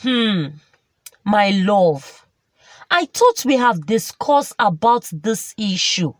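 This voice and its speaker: A woman voicing a patient young husband, dropping her voice lower to speak calmly and plead. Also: takes it slowly, dry recording. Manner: calm, pleading, consoling.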